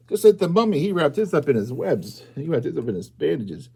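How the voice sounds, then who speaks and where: Lively man reading a storybook to kids. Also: fairly high pitch, brisk, vocal fry, hardly any pauses, husky. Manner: animated, asks children questions, sudden loud exclamations. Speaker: librarian reading to children. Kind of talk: children's storytime read-aloud.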